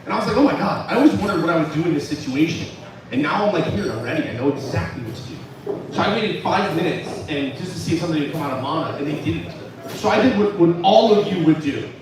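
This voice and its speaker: Man, stand-up comedian, high voice, deadpan dark humor, far-off mic in a live room. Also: fast, very echoey, a crowd in the background. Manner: deadpan dark jokes with laughing asides. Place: comedy club stage with live crowd.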